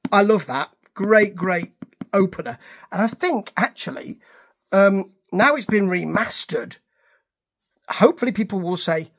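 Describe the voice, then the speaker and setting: A man's voice: high-pitched, unhurried, a bit bright, husky. A man reviewing music to camera in a chatty, digressive way, correcting himself as he goes. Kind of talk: casual rambling review to camera.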